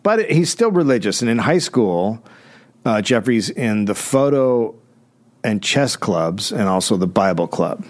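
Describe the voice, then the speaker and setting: A man co-hosting a comedy podcast, telling a story casually with wry, deadpan asides. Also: lowish voice, a little slow.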